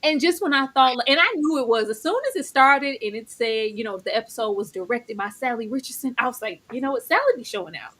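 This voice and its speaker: A woman co-hosting a casual live stream, with a voice a little higher than usual. She talks expressively, acting out her own reactions in quoted asides as she shares her opinions. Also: quick pace, hardly any pauses, bright, forceful tone, low-quality recording. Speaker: co-host of a live TV recap stream.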